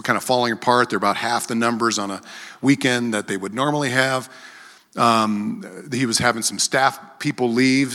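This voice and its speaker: Bright-voiced man preaching in a reverberant hall. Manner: storytelling, acts out quoted voices with sharp rises in pitch. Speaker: preacher and worship leader. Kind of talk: conversational sermon.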